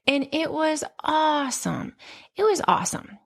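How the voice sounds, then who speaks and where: A woman in her thirties hosting a podcast, telling stories in a candid, profane, animated casual chat. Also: high-pitched, a little slow, vocal fry. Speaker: podcast host.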